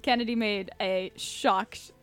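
A woman narrating a tabletop game as game master, relaxed and hesitant with many fillers. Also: medium pitch, slow pace, faint music behind.

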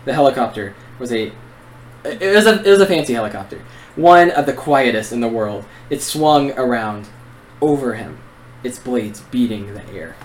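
A man's voice: medium pitch, animated, moderate pace, a little hiss or hum, low-quality recording. A young man co-hosting a book podcast, reading narration aloud and chatting eagerly. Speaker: podcast co-host. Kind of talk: reading narration and casual chat.

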